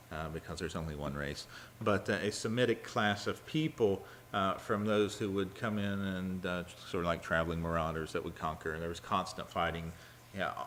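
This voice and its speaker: A man teaching a Bible study sermon in a conversational way, with frequent fillers and restarts. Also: fairly low pitch. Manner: halting, many fillers and restarts; acts out quoted lines with a raised, louder voice.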